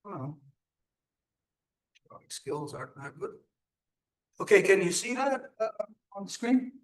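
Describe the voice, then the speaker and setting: A man's voice: sits high, sing-song, a little slow. A man giving an emphatic live teaching talk, asking his audience rhetorical questions. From Turtle Island.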